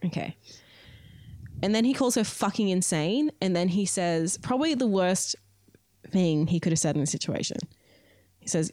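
Woman podcast host, slightly low voice, dry close sound, casual storyteller. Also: animated, normal speed, long pauses, darkish tone, no room sound. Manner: chatty, many fillers, recounting events. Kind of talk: casual true-crime storytelling.

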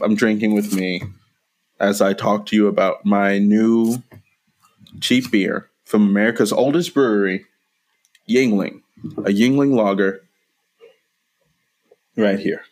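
Low-voiced man teasing his co-host. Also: steady tone, slow, pauses often, darkish tone. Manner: teasing, rambling storyteller. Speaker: podcast co-host. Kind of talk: casual chat.

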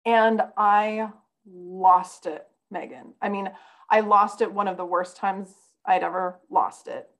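A woman's voice: mid-range voice, slow, fairly bright tone, rough recording. A woman guest on a podcast, telling a personal story in an earnest, conversational way.

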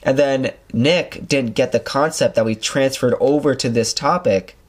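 A young man with a medium-pitched voice hosts a podcast, telling stories at a measured pace. The chat is casual and rambling, animated and full of fillers.

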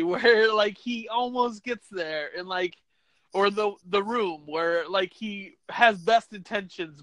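A man's voice: high voice, fairly bright tone, dry recording, poor audio. Laid-back man with a raised voice. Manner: laid-back, quick reactions, filler-heavy. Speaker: podcast host. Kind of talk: casual chat.

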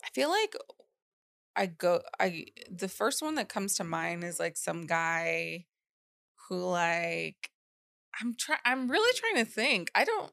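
A woman's voice: lowish voice, very animated, slow pace, gravelly, fairly bright tone. A young woman on a comedy podcast, telling candid, swearing stories about herself. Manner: candid, swearing, self-deprecating storyteller. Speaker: comedian guest. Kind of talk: casual podcast chat.

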